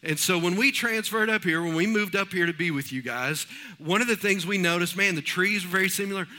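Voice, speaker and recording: A man preaching from the pulpit. His voice is high and very bright, with a ringing edge. He tells homespun stories in a folksy, animated way. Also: a little fast. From East Texas. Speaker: pastor. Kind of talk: sermon.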